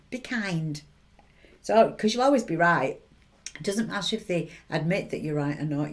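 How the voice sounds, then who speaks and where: A woman with a lowish voice gives motivational advice to the camera. She's an intuitive reader and advice giver, chatty and encouraging, often checking in with tag questions.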